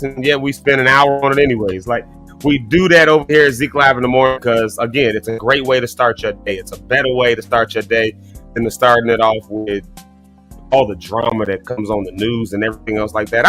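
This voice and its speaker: A man's voice: mid-range voice, sharp tone. A man hosting a casual morning livestream, chatty and folksy, talking straight to his viewers while his throat is clogged and he keeps coughing. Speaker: host.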